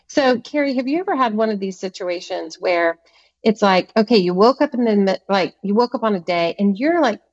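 A woman's voice: medium pitch, highs cut off. A woman author as a podcast guest, speaking earnestly and with emphasis, repeating words to stress a point. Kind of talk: podcast interview conversation.

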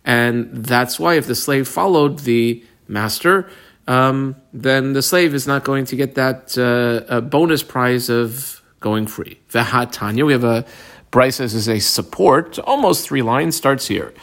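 A man's voice: mid-range voice, measured pace, a bit bright. A man teaching a Talmud class, reading each Aramaic phrase and then translating and explaining it, calling out how he marks the page as he goes. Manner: calls out his page markings as he goes.

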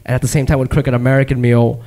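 A man hosting a casual chat, joking and firing off quick follow-up questions. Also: mid-range voice, level tone, dark tone. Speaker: host.

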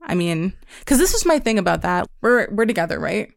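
A woman co-hosting a podcast in loose, casual conversation. She tells stories with animated energy and swears freely, her voice sitting in an ordinary middle pitch. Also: a little fast, creaky, no echo, clean studio sound. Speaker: podcast co-host. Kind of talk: casual chat.

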